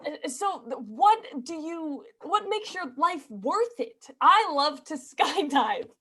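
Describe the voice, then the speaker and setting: A woman performing live improv comedy in a gushing, excitable way. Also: high voice, slow.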